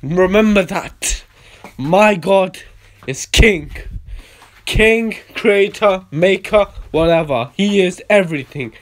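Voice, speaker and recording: A man delivering a ranting monologue to camera, emphatic and repetitive, swinging between quiet and loud. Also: high-pitched, takes it slowly. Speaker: video blogger.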